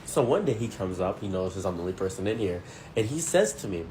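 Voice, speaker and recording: A man tells a first-person story in a blunt, indignant, conversational way. His voice sits a bit low, with a faint background noise under it. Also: big pitch swings, fast, dark tone.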